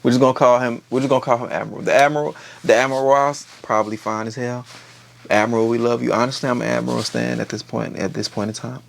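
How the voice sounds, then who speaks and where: Brief: male show reviewer, mid pitch, a gravelly edge, animated and profane. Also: fast talker, slight background noise. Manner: gossipy, profane, slangy and animated. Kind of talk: casual episode recap.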